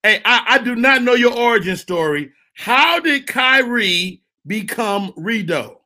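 A man hosts a loose, joking chat show, pressing his guests with playful questions. His voice sits very high and bright. It moves up and down a lot as he talks. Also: expressive, unhurried. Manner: playful, teasing interviewer. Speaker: podcast host. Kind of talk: casual comedic banter.

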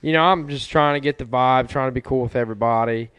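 Crude, lively young man with a smooth voice. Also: mid-range voice, fast, no room sound. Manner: swearing, animated storytelling. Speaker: podcast co-host. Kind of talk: casual crude chat.

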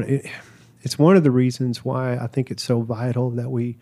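Guy cohosting a podcast, talks slow and reflective, mid-pitched, restarts his sentences a lot. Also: little pitch movement, warm tone. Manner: reflective storyteller, pauses and restarts. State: father of a toddler. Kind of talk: casual conversation.

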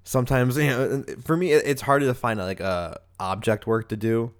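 A man's voice: mid-range voice, expressive, brisk, clear, resonant tone. A young man from the US hosting a podcast, chatting casually and rambling with lots of fillers and restarts. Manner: loose, rambling, many "like"s and restarts. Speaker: podcast host. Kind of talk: casual chat.

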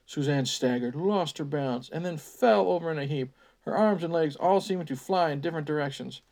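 A podcast host reading a teen novel aloud, with sarcastic, sighing asides. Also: male voice, fairly high pitch, fairly quick, gravelly, darkish tone. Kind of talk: mocking storytime reading.

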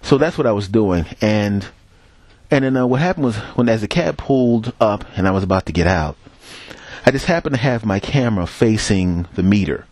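A man's voice: fairly low pitch, lively intonation, moderate pace, a little mellow, dry recording. A man from Philadelphia hosting a podcast, telling a profane, rambling story in a casual monologue while walking down a city street and talking into a headset mic. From Philadelphia, USA. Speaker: podcast host.

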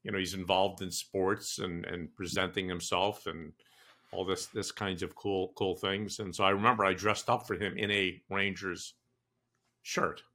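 An older man co-hosts a casual podcast in a low voice with flat delivery at normal speed, the sound pushed and bright. He's enthusiastic and easygoing, laughs easily, and restarts often.

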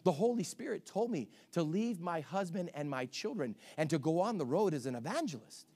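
A man voicing an earnest churchgoing woman who is easily offended, in a low, hushed voice as he quotes her in a sermon. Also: expressive, a little fast.

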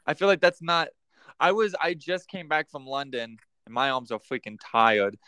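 A man's voice: mid-range voice, steady tone, moderate pace, sharp tone, smooth, no room sound. A man hosting a casual podcast chat, joking and laughing often. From United States. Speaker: podcast host.

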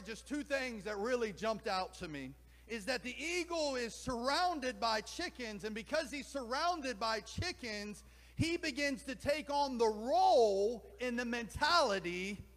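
High-voiced preacher in a reverberant hall. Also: male voice, expressive, a bit bright. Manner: emphatic, drawn-out reading with rambling asides. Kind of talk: sermon with story reading.

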